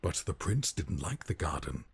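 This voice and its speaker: A man narrating a rhyming storybook in a game with a husky voice, in a measured, sing-song delivery. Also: extremely low pitch, big pitch swings, heavily acted.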